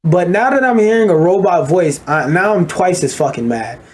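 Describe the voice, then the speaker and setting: A man's voice: high voice, animated, moderate pace. Blunt ranting man commentating. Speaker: commentator reacting to a video. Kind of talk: profane reaction commentary.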